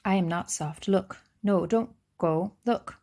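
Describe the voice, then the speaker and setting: A woman's voice: on the low side, slow, creaky, background noise. A woman voicing a stubborn young girl who fires off raised, pressing questions. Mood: indignant.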